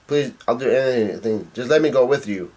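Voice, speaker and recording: A man voicing an excitable young rabbit girl from a comic, read in his everyday voice. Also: medium pitch, normal speed, close to an everyday voice. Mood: eager. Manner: reads the lines in his everyday voice.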